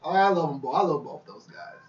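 A man's voice: fairly high pitch, lively intonation, fairly quick. A man, a wrestler, chatting politely and easily on a podcast. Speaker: wrestler guest. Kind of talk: casual chat. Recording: roomy, distant, muffled.

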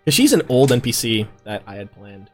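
A man narrating a tabletop game as dungeon master, in a relaxed, chatty way. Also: mid-range voice, a little fast, soft background music. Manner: relaxed, chatty, laughs easily.

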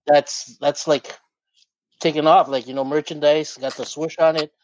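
A man's voice: fairly high pitch, little pitch movement, moderate pace, a little mellow, a little hiss or hum. A man co-hosting a casual podcast, rambling with lots of "like" and "you know". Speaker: podcast co-host. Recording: dull lo-fi mic.

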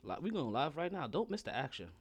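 A man's voice: fairly high pitch, big pitch swings, quick pace, husky. A man hosting a sports podcast with playful, slangy hype-man banter. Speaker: podcast host.

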